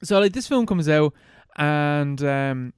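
Loose, foul-mouthed podcast host, bright and clear. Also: male voice, on the high side, takes it slowly, no room sound, studio quality. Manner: loose, profane, animated plot recap. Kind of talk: casual chat.

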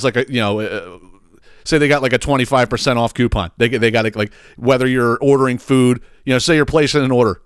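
A man's voice: medium pitch, a bit bright, clear, resonant tone, no room sound, clean studio sound. Profane ranting Philly man. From Philadelphia area. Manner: profane, exasperated ranting with chuckles. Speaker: podcast host. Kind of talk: comedic solo rant.

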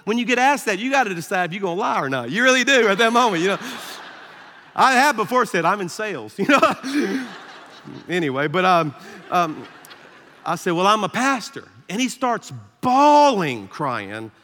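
A man with a Southern American accent preaching a sermon as pastor, telling a story in an animated, self-deprecating way and laughing often. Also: high voice, moderate pace, a little hiss or hum. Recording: echoey hall reverb.

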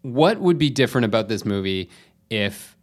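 A man's voice: on the low side, animated, moderate pace. Rambling man chatting about a film. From Canada. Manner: rambling, hesitant, lots of fillers and restarts. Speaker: podcast co-host. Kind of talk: casual movie discussion podcast.

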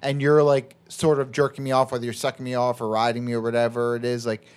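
A man's voice: medium pitch, flat delivery, fast, clear, resonant tone. A man from Florida with a slight New York accent, a podcast guest, talking crudely and animatedly. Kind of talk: casual podcast chat.

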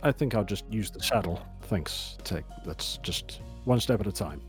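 A man's voice: lowish voice, expressive, moderate pace, soft background music. A man playing a tabletop game, making dry, wry remarks in character. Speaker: player.

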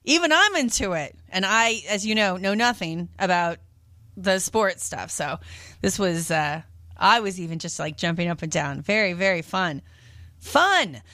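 Bright, chatty woman radio host. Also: fairly low pitch, animated, unhurried, dry recording, studio quality. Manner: chatty and rambling, with many fillers. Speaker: radio shopping show host. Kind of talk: casual radio chat between sales calls.

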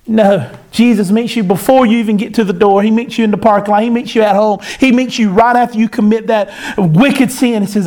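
A man's voice: high voice, fairly even intonation, a little fast, hardly any pauses, darkish tone. A man preaching a sermon, in an impassioned cadence that rises and falls.

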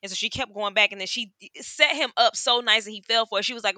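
A woman co-hosting a casual podcast, recapping a TV drama with lively, animated storytelling and acting out the characters' lines. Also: on the high side, fast talker, few pauses, no room sound. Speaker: podcast co-host. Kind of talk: casual chat recapping a TV show.

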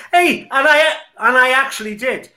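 A man, a podcast guest who used to work in broadcasting, telling fond old stories and laughing easily. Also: fairly high pitch. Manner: chuckling, fond storytelling. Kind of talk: casual chat.

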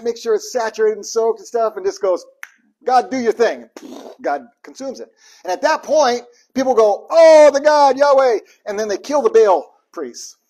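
Guy preaching, kinda husky and a bit high, tells bible stories with lots of voices and jokes. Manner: animated storytelling with quoted voices and asides. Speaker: pastor. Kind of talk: sermon.

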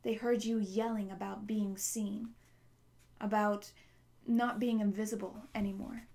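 A woman's voice: mid-range voice, little pitch movement, unhurried, dark tone, lightly acted. A firm, scornful school teacher, read by a woman in an audiobook. She sounds matter-of-fact, with a voice of ordinary middle height.

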